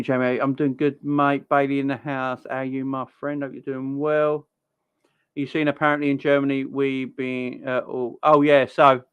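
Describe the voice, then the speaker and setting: A man in his thirties with a Cockney accent and a medium-pitched voice hosts a casual football live stream from home, chatting and greeting viewers by name while children are in the next room. The audio is narrow and tinny, with no echo.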